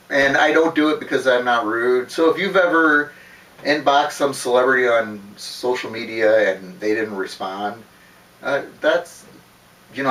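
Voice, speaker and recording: A man's voice: mid-range voice, fairly bright tone. A man telling a personal story in a casual, rambling way, swearing often and laughing between words. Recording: roomy, distant from the mic.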